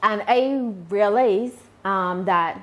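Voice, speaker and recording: A woman from Barbados with a Barbadian accent, answering interview questions about her channel in a deliberate, measured way. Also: medium pitch. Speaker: YouTuber guest.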